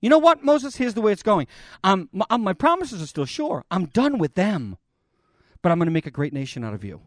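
Preacher, male, high and very lively delivery, dramatic retelling, dry recording. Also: brisk, no room sound. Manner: dramatic, voices God and Moses in the retelling. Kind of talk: sermon.

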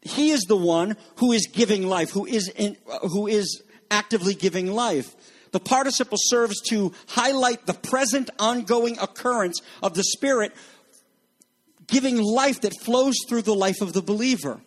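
A man's voice: sits high, normal speed. A middle-aged man preaching a sermon as pastor, acting out quoted voices as he goes. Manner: animated, acts out quoted voices.

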